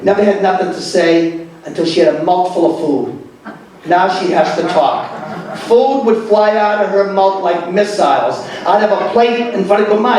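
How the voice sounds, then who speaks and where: A man telling comedy stories on stage in a club, animated, with quick asides to the crowd. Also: on the high side. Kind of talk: stand-up comedy. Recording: echoey club from far off.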